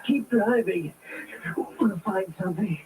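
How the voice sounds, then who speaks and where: A man's voice: sits high, takes it slowly. An actor playing a man gasping through a heart attack, breathless and pleading, in an old radio drama with a distant, hissy recording.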